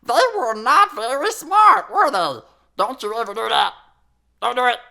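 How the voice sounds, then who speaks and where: Doing a full character voice, a woman plays a goofy sheep hosting a children's story show, chatty as she reads a fairy tale with playful, sassy asides to the listener. Her pitch is fairly high and her pace a little slow, with lively intonation, vocal fry, and a bright, forceful tone.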